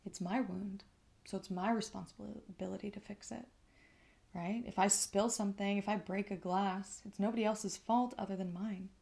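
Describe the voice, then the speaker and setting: A woman hosts a podcast, reflecting on her own experiences in a candid solo monologue. Her voice sits at a middling pitch with a noticeable creaky, gravelly fry. She talks conversationally and keeps checking in with her listener. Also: steady tone, normal speed, mellow. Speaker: podcast host.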